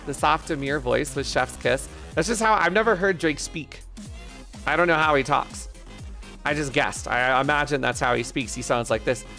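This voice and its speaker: A man with a fairly high but gravelly voice chats on a live stream, joking crudely and rambling as he answers his chat. Faint music runs in the background. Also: normal speed, bright, forceful tone.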